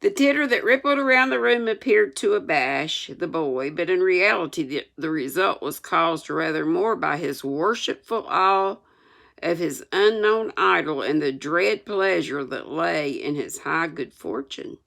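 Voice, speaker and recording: A woman's voice: fairly low pitch, lively intonation, a little slow, gravelly, a bit bright. An older woman reading a classic novel aloud, adding homespun, chatty asides. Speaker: storyteller.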